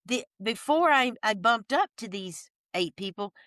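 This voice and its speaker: Podcast guest, woman, excited storyteller, dry close mic. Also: on the high side, measured pace, dry recording. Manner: lively, folksy, talks in bursts with restarts. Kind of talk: animated storytelling chat.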